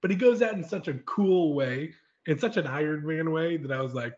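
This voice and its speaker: A man guest-hosting a podcast, chatting in an animated way and laughing easily. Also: on the high side, a little fast. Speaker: guest host. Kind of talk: casual chat. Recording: dull lo-fi audio.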